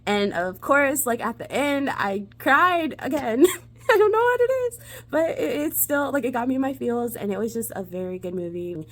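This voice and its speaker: A woman's voice: fairly high pitch, expressive, moderate pace, few pauses, fairly bright tone. A young woman hosting a casual movie review vlog, bubbly and enthusiastic, giggling as she talks.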